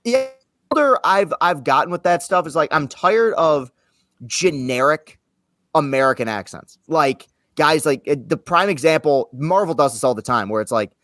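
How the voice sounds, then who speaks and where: A man's voice: on the high side, lively intonation, normal speed, fairly bright tone, no room sound. Brief: opinionated male co-host, dry close recording, casual chat. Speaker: movie podcast co-host.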